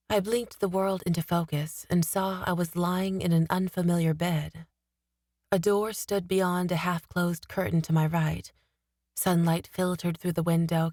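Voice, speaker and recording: A woman narrating a fantasy novel in the first person, steady and expressive, on a studio mic. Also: fairly low pitch, dry recording. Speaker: audiobook narrator.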